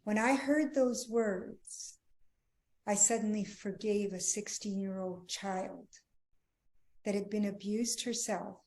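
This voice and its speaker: A middle-aged woman, a marriage coach, telling her personal story earnestly in an interview, often dropping to a hushed tone. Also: mid-range voice, fairly even intonation, slow pace. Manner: earnest, emotional, drops to a hushed voice at tender moments.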